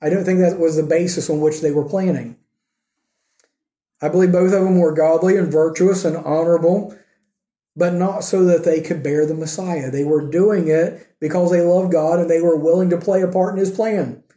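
Earnest male preacher with a dark tone. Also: a little high, steady tone, reverberant. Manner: earnest, questions the congregation, slows for emphasis. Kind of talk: sermon.

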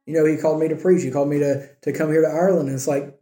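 A man's voice: on the high side, steady tone, very fast, hardly any pauses, warm tone. A pastor preaching a sermon in a conversational way, often asking his listeners rhetorical questions. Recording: roomy echo.

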